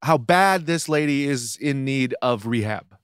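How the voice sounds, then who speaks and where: A man co-hosting a podcast, teasing his co-host in playful, animated casual banter. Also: medium pitch, unhurried, clean tone, dry recording, studio quality. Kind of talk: casual chat.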